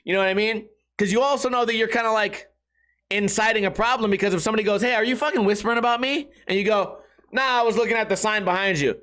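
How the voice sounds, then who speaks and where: Guy with a pretty high voice rambling on his podcast, swears a lot, pokes fun at himself. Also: quick pace, a bit bright. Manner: profane, self-mocking, rambling storytelling. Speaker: podcast host. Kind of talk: casual podcast monologue.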